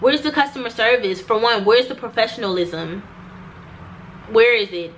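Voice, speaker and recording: A woman's voice: on the high side, normal speed, fairly bright tone, a little hiss or hum, low-quality recording. A young woman vlogger recounting a personal story to the camera, emphatic and repetitive, talking straight to her viewers.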